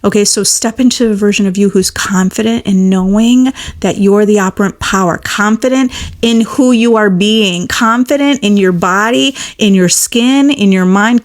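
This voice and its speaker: A woman with a mid-range voice works as a manifestation coach on a live stream. Chatty and casual, she reads viewer comments and encourages listeners with repeated affirmations.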